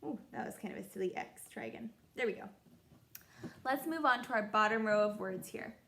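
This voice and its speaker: A young woman teaching a children's phonics lesson, sounding out letters in a slow, encouraging sing-song way. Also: a little high, fairly bright tone. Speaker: kindergarten teacher.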